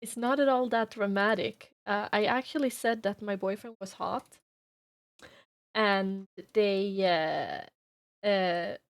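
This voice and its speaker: A woman livestreamer chatting casually with her viewers, playful and quick to laugh as she greets them by name. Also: mid-range voice, dry recording. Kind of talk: casual chat with stream viewers.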